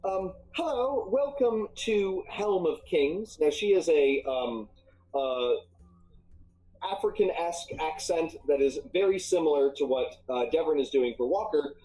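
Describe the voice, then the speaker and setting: A man narrating a tabletop game as game master, halting with many ums and uhs. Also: mid-range voice, animated, warm tone, low-quality recording. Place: live stream.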